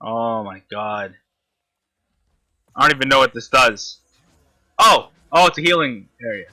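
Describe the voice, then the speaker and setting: Man, gameplay commentary, constant swearing, sharp bright voice. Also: mid-range voice, lively intonation, normal speed. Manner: frustrated, swearing constantly, talking to the enemy. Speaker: gamer.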